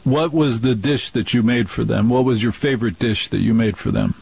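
A man's voice: medium pitch, big pitch swings, a little fast, vocal fry, a little mellow, husky, no echo, rough recording. A man hosting a radio show, asking questions with emphatic enthusiasm. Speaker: radio host. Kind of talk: radio interview.

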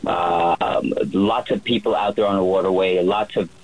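A man who works as a yacht chef, telling a relaxed story on the radio with many fillers and restarts. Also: sits low, normal speed, low-quality recording.

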